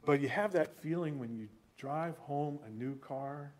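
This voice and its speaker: A male preacher giving a sermon, telling stories in an animated way and asking rhetorical questions. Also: fairly high pitch, unhurried.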